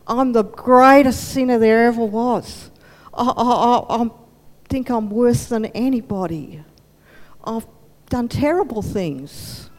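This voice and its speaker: Woman playing an earnest grown man Paul, excited and pleading, slow delivery, long reverb. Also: fairly high pitch.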